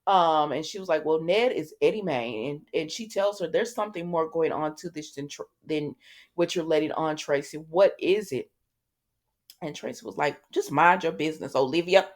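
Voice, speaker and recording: A woman's voice: deep voice, normal speed. Chatty woman recapping a soap episode. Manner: chatty, retells scenes through loose quoted dialogue; frequent fillers and restarts, offhand asides. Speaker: soap opera recap host.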